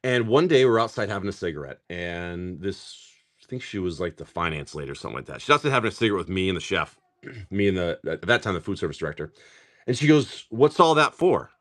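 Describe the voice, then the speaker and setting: A man's voice: low voice, lively intonation, fairly bright tone. A middle-aged man hosting a live stream, opening card packs, rattling off card names and telling joking stories in casual chat. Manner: rapid card-name rundowns mixed with joking stories.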